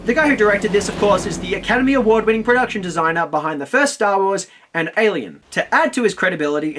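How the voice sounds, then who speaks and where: A man's voice: high voice, fairly bright tone, a little hiss or hum. A man delivering scripted film review commentary in a sarcastic, mocking way.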